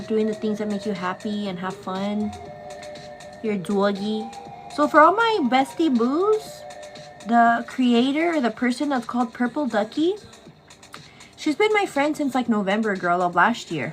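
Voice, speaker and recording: A woman hosting a casual get-ready-with-me makeup show, chatting affectionately and greeting viewers in a sing-song way. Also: mid-range voice.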